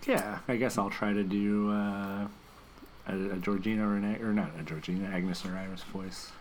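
A man's voice: fairly low pitch, steady tone, moderate pace, a little hiss or hum. A man co-hosting a comedy podcast who talks in a hesitant, self-deprecating way. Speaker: podcast co-host and script writer. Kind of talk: casual chat.

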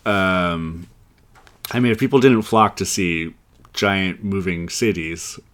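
A man co-hosting a comedy podcast, riffing playfully and laughing often as he brainstorms. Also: low-pitched. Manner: playful, laughs often, puts on quick silly voices. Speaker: podcast co-host. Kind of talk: casual comedic brainstorm chat.

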